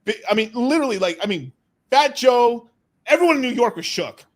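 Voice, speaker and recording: A man hosting a casual crypto livestream chat, excitable, swearing often and restarting his sentences. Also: extremely high pitch, brisk.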